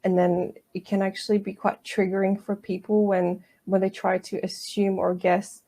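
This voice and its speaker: Woman therapist guest, gentle explainer, mellow, even delivery. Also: mid-range voice, normal speed, gravelly. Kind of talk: interview conversation.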